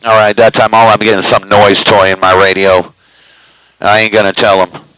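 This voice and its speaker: Live from home on his CB station, a man chats in a loose drawl, pressed right up to the microphone he says he eats. His voice sits on the low side with a level tone, and he talks at a moderate pace. Background noise comes through.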